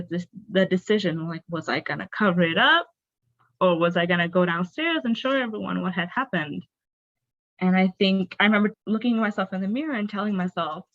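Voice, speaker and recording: A woman's voice: fairly low pitch, fairly bright tone. A young adult woman, a podcast guest, telling her personal story candidly and expressively, with lots of "like" fillers. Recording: dull, dry, lo-fi sound.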